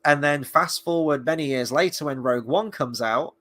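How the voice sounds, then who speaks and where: A man's voice: a little high, normal speed, a bit bright. A man reviewing a TV episode in casual live-stream chat, enthusiastic and opinionated as he thinks aloud. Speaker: film and TV reviewer.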